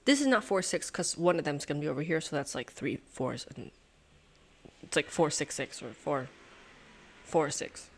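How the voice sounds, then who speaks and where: An excitable woman works through a puzzle out loud, talking to herself and her viewers. Her pitch swings up and down a lot, and she swears and laughs in disbelief. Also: normal speed, slight background noise. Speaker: host solving a sudoku puzzle. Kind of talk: thinking aloud while solving a puzzle.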